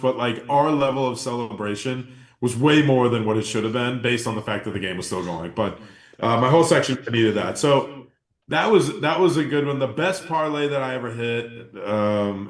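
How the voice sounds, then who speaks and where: Animated man telling a story in a roomy room. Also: medium pitch. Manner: animated, acts out quotes, swears freely. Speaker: podcast host. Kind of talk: casual storytelling. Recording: roomy echo.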